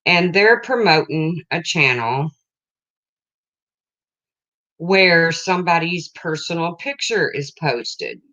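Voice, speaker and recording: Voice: mid-range voice, animated, slow pace, long pauses, bright, forceful tone, dull audio. A livestream host in casual chat, rambling and breaking off to greet viewers, emotional and close to tears.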